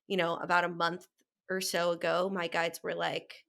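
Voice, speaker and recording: Bubbly creaky-voiced woman podcaster. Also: on the low side, little pitch movement, normal speed, fairly bright tone. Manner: bubbly, acts out voices in her stories. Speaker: podcast co-host. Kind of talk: casual spiritual chat.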